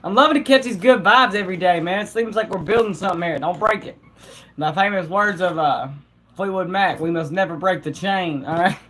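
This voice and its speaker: A live streamer talks to the chat in an easy, laid-back way, full of slang and quick laughs. The voice sits at a middle pitch and stays relaxed and chatty. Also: a little hiss or hum.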